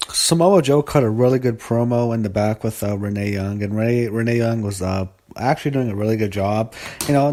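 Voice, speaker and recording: A man's voice: lowish voice, dark tone. A young man giving a loose, rambling spoken recap of a wrestling show, blunt and profane, full of fillers.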